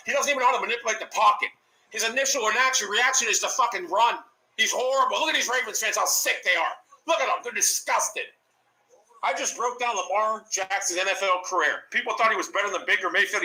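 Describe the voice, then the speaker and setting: High, bright-voiced man, mocking and swearing. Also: quick pace, echoey room, rough recording. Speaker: sports commentator reacting to game footage. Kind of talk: profane reaction commentary.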